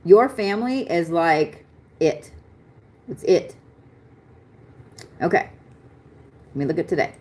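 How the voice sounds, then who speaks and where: A woman with a low voice runs a live astrology reading. She talks in a chatty, excitable way and swears casually as she goes. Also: slow, long pauses. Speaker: astrology reader.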